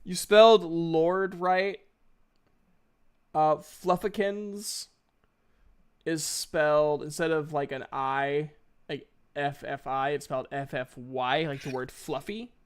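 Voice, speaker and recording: A man narrating a tabletop game as dungeon master, slowly and with many fillers. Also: a little high, fairly even intonation, smooth.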